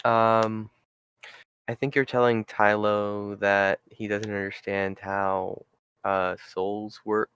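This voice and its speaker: Slow, low-voiced man at a game table. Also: little pitch movement, fairly bright tone, clear, resonant tone, dry recording. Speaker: player. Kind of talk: casual tabletop role-play.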